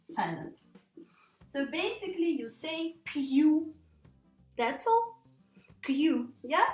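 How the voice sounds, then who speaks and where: A woman teaching an English pronunciation lesson, patiently repeating words slowly for learners to copy. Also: high voice, roomy sound, poor audio.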